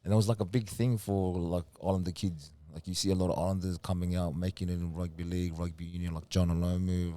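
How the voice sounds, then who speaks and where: Soft-spoken young man with a low, mellow voice. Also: fast, few pauses. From New Zealand. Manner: soft-spoken, relaxed storyteller. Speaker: guest. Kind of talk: casual storytelling.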